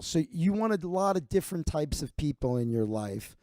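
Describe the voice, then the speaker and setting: A man's voice: a little high, lively intonation, normal speed, hardly any pauses, warm tone, no room sound. A man in his forties, a comedian host telling a rambling, profane story full of fillers and restarts. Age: 40s.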